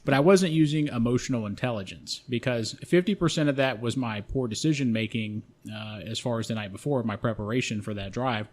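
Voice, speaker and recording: A man co-hosting a podcast, telling a story in a casual, profane and animated way. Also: medium pitch, brisk, hardly any pauses. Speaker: podcast co-host.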